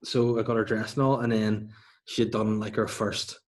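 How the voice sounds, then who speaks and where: A man in his thirties talks casually, winding through stories and poking fun at himself. His voice sits a touch low. It sounds like a relaxed podcast chat. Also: normal speed. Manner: rambling, self-mocking storyteller. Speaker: podcast host.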